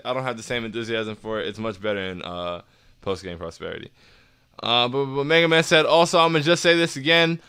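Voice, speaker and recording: A young man hosting a casual fan livestream, reading chat comments aloud in slangy, hyped talk that sometimes turns soft and earnest. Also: mid-range voice, clear, resonant tone.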